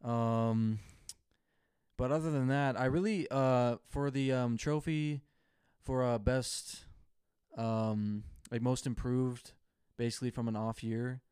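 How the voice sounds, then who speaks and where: A man at middle pitch, with a clear and smooth voice, chats casually on a sports podcast. He thinks aloud and drops in fillers as he goes. The recording is dry and close. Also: steady tone, takes it slowly, a little mellow, no echo. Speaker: podcast co-host.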